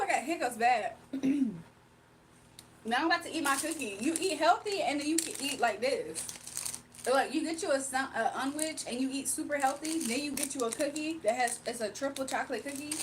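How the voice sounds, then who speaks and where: A woman's voice: high-pitched, distant mic, background noise. A woman hosting a casual livestream, eating as she chats, laughing often and talking with her mouth full. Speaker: livestream host reading chat.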